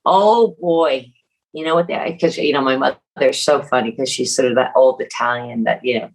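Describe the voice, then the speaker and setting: Animated middle-aged woman podcast guest. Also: extremely low pitch, normal speed, low-quality recording. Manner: animated, acts out family quotes. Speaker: guest, author. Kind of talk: casual podcast interview.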